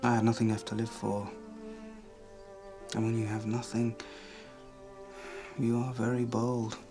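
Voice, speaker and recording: An actor playing an earnest, even-voiced young husband. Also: male voice, medium pitch, unhurried, natural voice. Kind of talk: period TV drama acting. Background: clear music score.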